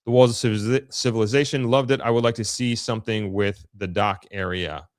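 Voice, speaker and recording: A man with a Long Island accent hosts a casual live stream, reading viewer comments aloud and answering them in an upbeat, chatty way. His voice is fairly low and steady in tone, and he talks fairly quickly. The recording is dry, with clean studio sound.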